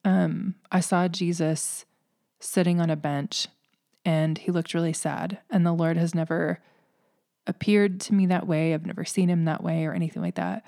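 A woman's voice: lowish voice, expressive, moderate pace, mellow, dry recording, studio quality. A woman hosting a faith podcast, speaking earnestly and emotionally in a heartfelt, preaching monologue. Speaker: podcast host.

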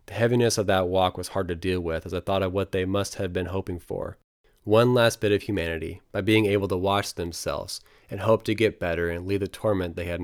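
A man reading his travel memoir aloud as scripted narration, in a quiet, somber storytelling manner. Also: sits low, dry recording, studio quality.

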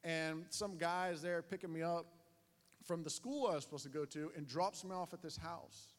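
A pastor telling funny personal stories during a sermon, animated and self-mocking. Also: male voice, fairly high pitch, normal speed. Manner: animated, self-mocking storyteller with many voice changes. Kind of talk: sermon storytelling. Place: church sanctuary. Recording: echoey hall with long reverb.

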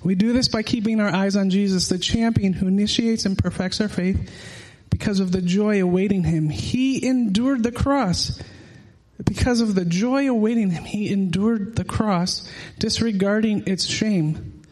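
A man's voice: high-pitched, normal speed, a little mellow. A man in his thirties preaching a sermon earnestly, often repeating words as he searches for them.

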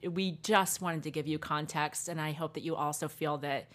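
A woman with a lowish voice hosts a faith podcast. She explains ideas gently and affirms her co-host with warmth. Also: fairly even intonation, moderate pace, background noise.

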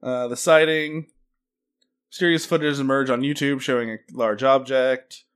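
A man's voice: medium pitch, steady tone, normal speed, fairly bright tone, clean tone. Male co-host, casual chat, reads articles aloud with slips and giggles. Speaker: podcast co-host reading a news story.

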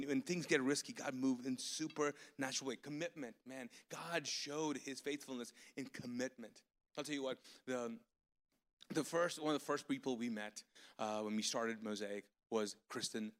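A man preaching a live sermon as pastor, telling stories in an animated way with sudden loud outbursts of excitement. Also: medium pitch. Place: large church auditorium. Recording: long hall reverb from live church service.

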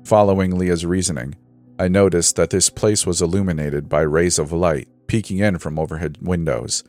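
A man reads a scripted horror story in a measured, dramatic way. His voice sits very low, and faint music runs underneath. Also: steady tone, a little mellow, no room sound.

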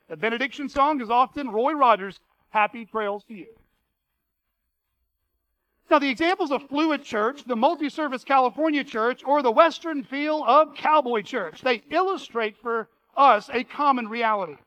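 A man's voice: very high-pitched, moderate pace, pushed and bright, no echo, highs cut off. A man preaching a sermon as pastor, earnest and reading quotations aloud with emphasis.

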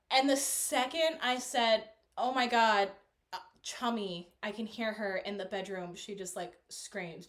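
A young woman co-hosting a casual podcast with a slightly high voice. She tells frank, personal stories, laughs readily, and goes soft and low when things turn serious. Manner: candid, laughing storyteller with sudden quiet drops. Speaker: podcast co-host. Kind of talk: casual chat.

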